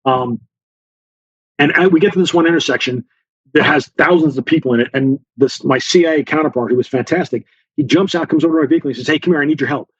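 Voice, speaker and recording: A man speaking in a fairly high, husky voice, recounting events as a guest on an interview show. He acts out the lines of the people in his story and talks with frequent fillers. The sound is dry and a bit muffled. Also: fast talker, no room sound. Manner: animated storyteller, acts out dialogue, many fillers. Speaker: guest author, former Special Forces officer.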